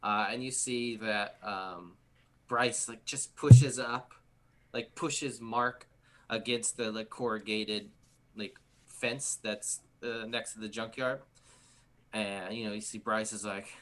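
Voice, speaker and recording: A man's voice: fairly low pitch, fairly even intonation, takes it slowly. A man narrating a tabletop game as game master, in a casual style full of fillers.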